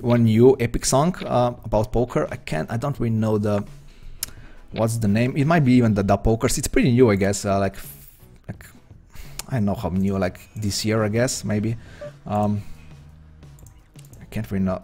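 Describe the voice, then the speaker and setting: A man's voice: fairly low pitch, moderate pace, dark tone, faint music behind. A man from Slovenia with a Slovenian accent, chatting hesitantly and rambling as he commentates his own poker stream. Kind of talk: live-stream commentary while playing.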